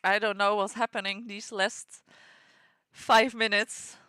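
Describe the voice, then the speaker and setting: A woman streamer giving casual gameplay commentary, excitable, laughing and swearing freely. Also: mid-range voice, takes it slowly, clean tone, dry recording, clean studio sound. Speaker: let's play streamer.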